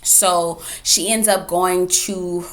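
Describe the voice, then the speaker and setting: A woman reviewing a TV episode in a casual recap, animated, acting out quotes and asides. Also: lowish voice, takes it slowly. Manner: animated, retells scenes with voiced quotes and asides.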